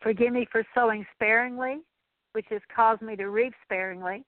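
Woman, middle-aged, leading a prayer, halting, filler-heavy, tinny dry radio sound. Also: a little high, fairly even intonation, dry recording. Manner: slow, halting, with many fillers and repeated words. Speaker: Christian teacher. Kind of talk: leading a spoken prayer of repentance.

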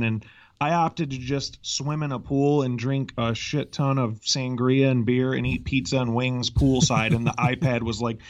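A man's voice: medium pitch, fairly even intonation, normal speed, lo-fi sound. A man talking as a podcast guest, rambling and chatty, leaning heavily on "like.". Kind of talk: casual chat.

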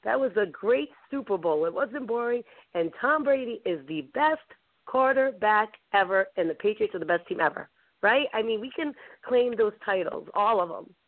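Woman host calling in, voice kinda strained, excitable and rambly, dry tinny phone sound. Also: medium pitch, normal speed, no echo. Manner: excitable, laughing, rambling with fillers. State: strained voice after a late night of partying. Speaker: show host. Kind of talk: casual call-in chat. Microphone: phone line.

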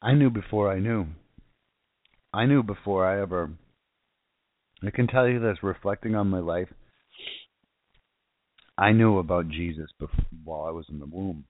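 Here the same kind of South Florida internet radio preacher talks in a low voice at ordinary speed, leaving long pauses. The sermon is casual yet passionate, rambling with many restarts and repetitions. There's no room sound, just tinny phone-line audio.

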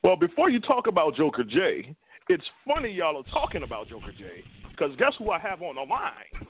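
A man's voice: on the high side, huge pitch swings, a little fast, a little hiss or hum. A man hosting the show and cutting a brash, boastful wrestling-style promo, recorded with a tinny, phone-like sound. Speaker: host.

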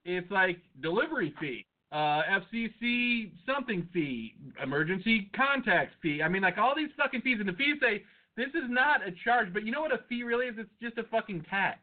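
A man's voice: high-pitched, lively intonation, fairly quick, few pauses. A man co-hosting a podcast, ranting and swearing in casual chat. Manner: ranting and profane. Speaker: podcast co-host. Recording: tinny phone-like audio.

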